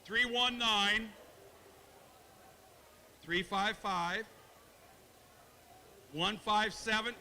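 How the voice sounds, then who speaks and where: A man working as a livestock auctioneer at a county fair, chanting bids in a fast rhythm and joking folksily with bidders. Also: high-pitched, vocal fry, sharp tone, in a large hall, a little hiss or hum. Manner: folksy, jokes with bidders and kids. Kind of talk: rapid auction chant and announcements. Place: county fair show arena.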